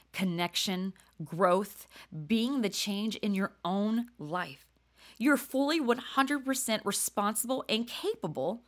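An older woman with a twang tells stories on her own podcast. Her voice is bright and swings widely up and down. She chats freely, laughs easily and sometimes sinks to a near-whisper to make a point. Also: medium pitch. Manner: chatty, laughing, drops to near-whispers for emphasis. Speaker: podcast host. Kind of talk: casual storytelling monologue.

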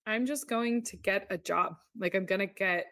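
A woman in her thirties hosts a podcast, speaking at normal speed in a medium-pitched, slightly bright voice. In a personal storytelling monologue, she tells her own story candidly and confessionally, saying "like" a lot.

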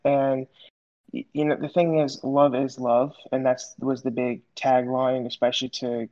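A man who is a guest on a podcast, speaking in a measured, steady way as he explains his views in casual chat. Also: mid-range voice, highs cut off.

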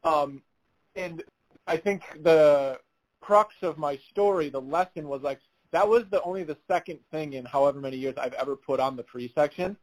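A man's voice: a little high, moderate pace, rough recording. A man co-hosting a podcast, telling a funny story in casual chat, acting out the other people's lines and laughing as he goes. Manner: animated storyteller, laughs while telling, acts out quotes. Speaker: podcast co-host.

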